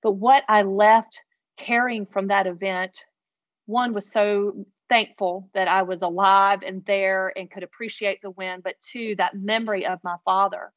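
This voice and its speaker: A woman telling a heartfelt personal story as an interview guest, earnest and animated. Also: medium pitch, unhurried, dry recording, lo-fi sound.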